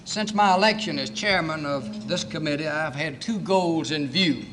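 Guy reading a formal welcome at a luncheon, slightly high voice, faint noise behind. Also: a bit bright. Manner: measured, formal, reads lists of names. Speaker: committee chairman giving welcome speech. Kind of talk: formal ceremonial address.

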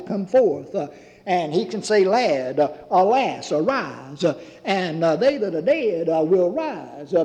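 A man's voice: a little high, warm tone. Guy preaching a sermon, stops and starts a lot, keeps saying beloved, dull old recording in a big echoey room. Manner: halting delivery with constant "uh" fillers, addresses listeners as beloved. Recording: dull lo-fi recording with long reverb.

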